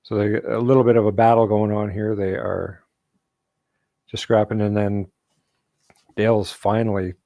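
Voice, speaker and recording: A man's voice: on the low side, little pitch movement, moderate pace, gravelly, long pauses, mellow, no echo, dull audio. A man hosting a casual live stream about comics, laughing often and acting out character quotes as he goes. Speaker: host.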